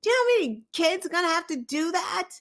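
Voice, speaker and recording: A woman's voice: very high voice, very animated, fast talker, fairly bright tone. A woman hosting a show, giving opinionated political commentary in an impassioned, profane way, firing off rhetorical questions. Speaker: show host.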